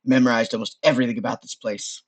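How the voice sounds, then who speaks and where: A man's voice: mid-range voice, level tone, fast, close to an everyday voice. A man playing Frank, a wisecracking floating skull. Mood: brash. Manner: brash, chummy, calls the listener boss.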